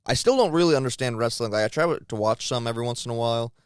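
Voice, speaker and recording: A man's voice: medium pitch, racing, clear, resonant tone, no room sound, studio quality. A man co-hosting a podcast, talking in a loose, rambling, profane way with lots of fillers. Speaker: podcast co-host. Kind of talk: casual chat.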